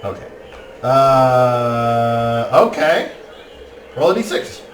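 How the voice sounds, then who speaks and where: A man running a tabletop game as game master, excitable and quick to burst into laughter and shouts. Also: medium pitch, music in the background. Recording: roomy, distant mic with faint noise.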